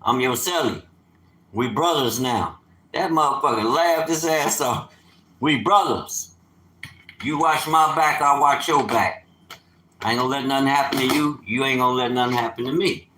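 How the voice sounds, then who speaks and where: A man in his fifties telling stories on a casual livestream, animated and streetwise, with sudden loud outbursts. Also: medium pitch, normal speed, reverberant, low-quality recording. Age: 50s. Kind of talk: casual storytelling.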